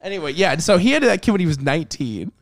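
A man's voice: sits high, very animated, fast, no echo, clean studio sound. Rambling, profane man in casual chat. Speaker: podcast co-host.

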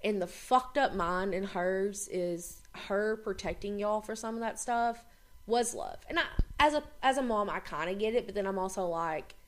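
A young woman chatting candidly on a podcast, blunt and quick to swear. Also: mid-range voice. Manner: blunt, heavy swearing, speeds up when worked up. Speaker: podcast co-host. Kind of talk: candid casual chat.

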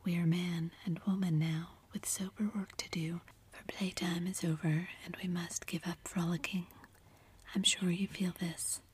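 Woman playing a wistful young woman, kind and steady, whispered role-play, very breathy. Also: lowish voice, unhurried. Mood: gentle. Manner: gentle, wistful, reassuring.

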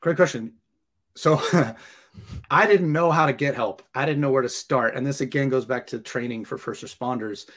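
A man talks in an easy, conversational way as an interview guest, a firefighter telling a personal story. His voice sits at an ordinary middle pitch, and he animates his account by acting out the lines of the people he describes. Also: moderate pace. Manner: animated, acts out dialogue and laughs while telling.

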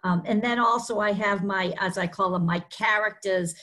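A woman's voice: mid-range voice, fairly even intonation, moderate pace, bright, forceful tone. A woman with a Boston accent, an author being interviewed, explaining earnestly with many fillers. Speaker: author guest. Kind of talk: interview conversation.

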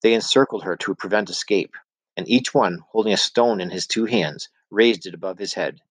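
A man reads a novel aloud in a deep, low voice, telling the story at a steady pace and voicing the dialogue as he goes. The sound is dry and close, with no room around it. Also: moderate pace, dry recording. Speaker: audiobook narrator. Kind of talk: scripted narration.

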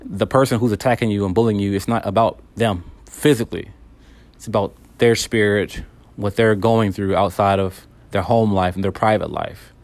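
A man with a fairly low voice speaks calmly and earnestly, coaching the listener through a hard time. He often doubles back on his words and restarts his sentences as he works through his thoughts. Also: creaky. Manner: calm and earnest, many repeated words and restarts. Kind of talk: candid self-help monologue.

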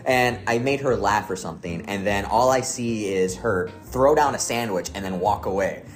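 A man's voice: on the low side, moderate pace, soft background music. A young man co-hosting a podcast, telling a story in a casual, jokey way and laughing often. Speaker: podcast co-host.

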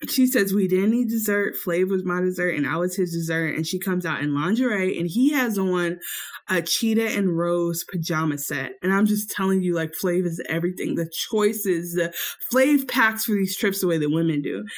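A woman co-hosting a podcast, telling a story in casual chat and acting out quotes with sudden jumps in pitch. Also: normal speed. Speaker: podcast co-host recapping a reality show.

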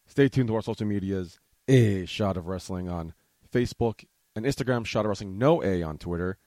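A man's voice: lowish voice, a little mellow, no room sound. A man hosting his own podcast, talking in a rambling, chatty way and swearing casually. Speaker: podcast host. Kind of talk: casual solo podcast recap.

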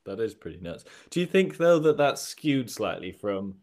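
A man's voice: fairly low pitch, sing-song, moderate pace, darkish tone. A young man co-hosting a casual motoring podcast, teasing his co-host with dry humour. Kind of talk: casual chat.

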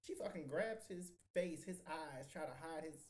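A man's voice: on the high side, normal speed. A man co-hosting a podcast, telling a story in laid-back, slangy casual talk. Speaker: podcast co-host.

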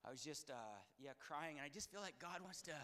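A man preaching a sermon with personal stories, in a casual, slangy way, swinging from calm talk to shouting. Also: fairly high pitch, brisk.

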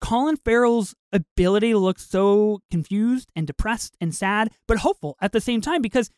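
A man's voice: high voice, moderate pace, clean tone, dry recording, clean studio sound. A man co-hosting a casual podcast, talking animatedly about a film, swearing and acting out lines. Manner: animated, swearing, acts out quotes. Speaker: podcast co-host.

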